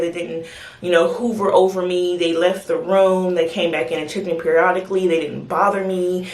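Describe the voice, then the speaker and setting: A woman telling her birth story in a casual, excited, chatty way, acting out the voices of the people in it. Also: lowish voice. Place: home bathroom. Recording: echoey bathroom.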